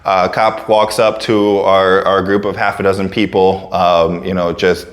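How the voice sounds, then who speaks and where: A man with a very low voice telling a story to camera in a loose, casual manner. He stumbles over fillers and restarts and jumps into other people's voices as he goes. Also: measured pace. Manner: relaxed, full of fillers and restarts, acts out others' lines. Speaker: fitness coach and storyteller.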